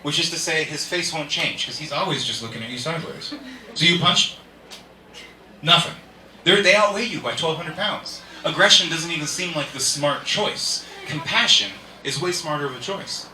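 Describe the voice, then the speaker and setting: A man's voice: a little high, moderate pace, pushed and bright. A man doing a stand-up comedy set, rambling and laughing at his own jokes, recorded live at an indoor show. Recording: echoey room, distant mic, faint hiss.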